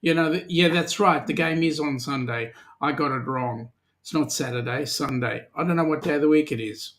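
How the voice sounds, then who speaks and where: A man's voice: on the high side, normal speed, fairly bright tone, a little hiss or hum. A man with an Australian accent co-hosting a casual live-stream chat, greeting viewers by name and teasing them. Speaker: podcast co-host.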